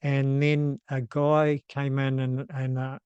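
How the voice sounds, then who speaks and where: A man in his fifties with a New Zealand accent, hosting and telling a personal story in a casual, unhurried way, with frequent ums and restarts. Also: mid-range voice, monotone, darkish tone, clear, resonant tone, no echo, muffled recording. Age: 50s. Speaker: host.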